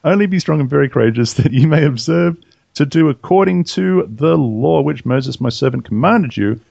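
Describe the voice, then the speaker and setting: Lively Australian man with a gravelly voice. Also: fairly high pitch, moderate pace, dry recording. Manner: lively, reads verses with relish. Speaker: scripture reader and co-host. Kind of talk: Bible study discussion and reading aloud. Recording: dry, dull lo-fi sound.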